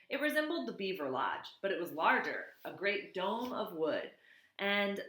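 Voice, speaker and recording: Low-voiced woman reading a novel aloud. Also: a bit bright, reverberant, poor audio. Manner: plain reading with slips and self-corrections. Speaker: reader.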